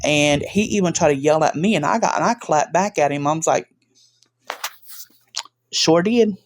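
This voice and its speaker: A woman vlogger telling a story in a casual, emphatic, animated way, with frequent restarts. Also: low-pitched, fast.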